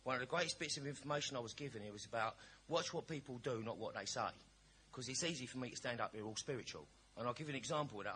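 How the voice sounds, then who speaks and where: A man speaks at a recovery meeting in a bright, forceful voice of average pitch. He tells his story bluntly and with cheeky humour, in a chatty storytelling way. A faint hiss sits behind the recording. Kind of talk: personal recovery share.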